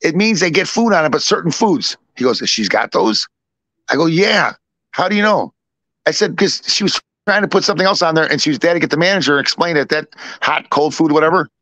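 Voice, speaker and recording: A middle-aged man spins a long family story in loose, repetitive chat, playing every voice in it himself. His voice sits a little high for a man. The sound is close and dry, with no room around it. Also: lively intonation, a little fast, sharp tone, no room sound. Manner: rambling, repeats himself, acts out both sides of dialogue. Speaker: podcast co-host. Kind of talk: casual storytelling.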